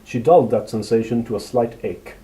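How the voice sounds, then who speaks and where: Man reading a story out loud, mellow dark tone, steady pace. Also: mid-range voice, brisk, low-quality recording. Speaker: narrator. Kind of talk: storybook narration.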